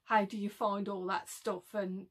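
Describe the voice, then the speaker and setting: A woman's voice: mid-range voice, flat delivery, a little slow. A woman with a Birmingham accent talking to camera in a casual, rambling vlog, full of "like, you know" asides and frequent laughter. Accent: Birmingham (Brummie). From Birmingham, England. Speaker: reseller vlogger. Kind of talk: casual chatty monologue.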